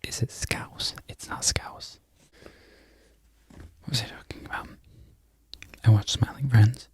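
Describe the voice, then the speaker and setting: A man in a whispered ASMR ramble who loses his train of thought and laughs softly at himself. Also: mid-range voice, fairly even intonation, slow pace. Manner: mostly unvoiced whisper. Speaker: crochet content creator.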